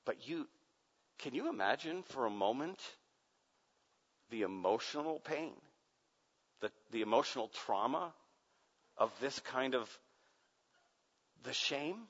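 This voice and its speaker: Male pastor, dramatic sermon delivery, bright tone, reverberant muffled hall recording. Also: mid-range voice, expressive, slow pace, long pauses, breathy edge. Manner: dramatic, swings from hushed to loud shouting.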